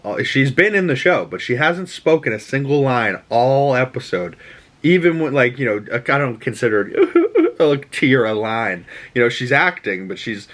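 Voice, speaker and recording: A man with a Boston accent, hosting a podcast and rambling through a casual episode recap, acting out characters' lines as he goes. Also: lowish voice. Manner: rambling, animated, quotes characters in put-on voices. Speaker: podcast host.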